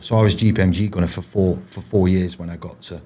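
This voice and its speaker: A former paratrooper appears as a podcast guest, recounting his stories casually in an interview and rambling with many restarts and fillers. His voice is low and dark, with fairly even intonation and a quick pace.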